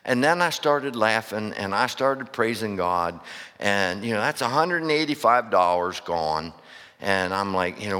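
A man's voice: fairly low pitch, a little slow, sharp tone. A male pastor from preaching a sermon, telling stories and calling out questions to his congregation. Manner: storytelling, rising to fervent preaching with questions to the congregation. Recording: echoey church hall.

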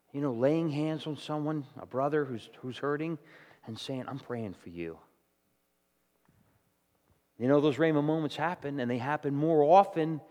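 A man's voice: a little high, a little mellow, big-room sound. A man preaching a sermon to his congregation, talking conversationally and often checking in with "okay?" and "all right?". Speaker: pastor. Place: church hall with congregation.

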